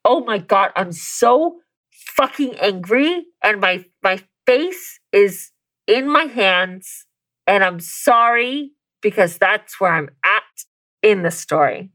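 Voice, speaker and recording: A woman's voice: mid-range voice, lively intonation, takes it slowly, fairly bright tone. A tipsy woman co-hosting a podcast, ranting with outrage and heavy swearing. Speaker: podcast co-host. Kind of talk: casual chat.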